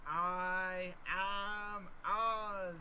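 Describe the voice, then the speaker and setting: Man doing a slow, pompous wizard voice, theatrical, pitched up. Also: flat delivery, bright, forceful tone, smooth, heavily acted. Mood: grandiose. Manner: drawn-out, self-consciously theatrical. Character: booming grand male wizard, imperious.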